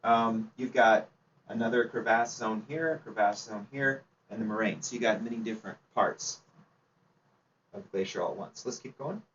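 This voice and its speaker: A man's voice: fairly low pitch, moderate pace, a bit bright. Man teaching a club seminar from afar. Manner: chatty, asks the audience questions, laughs easily. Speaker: seminar presenter. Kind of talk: informal slide presentation to a club audience. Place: meeting room. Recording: distant, dull, faint background noise.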